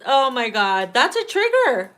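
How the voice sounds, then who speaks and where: Woman tarot reader, casual monologue, foul-mouthed and animated, slightly high voice. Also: unhurried. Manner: blunt, profane and animated, breaks into loud laughter.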